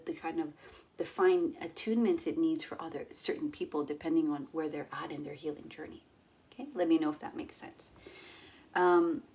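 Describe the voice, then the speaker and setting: A middle-aged woman coaching her audience in a lively way, acting out inner voices and dropping to near whispers. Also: sits low, creaky. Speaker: yoga and mindset coach. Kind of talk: coaching talk to an online audience.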